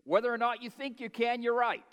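Pastor, male, high pitch, folksy emphatic sermon delivery, reverberant church hall. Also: flat delivery, a little fast, clear, resonant tone. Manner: folksy preaching, rising to loud emphatic climaxes.

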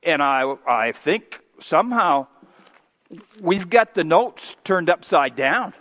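A man in his fifties preaching a sermon as pastor, folksy and homespun, moving from quiet asides to loud, emphatic preaching. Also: high-pitched. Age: 50s. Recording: long hall reverb.

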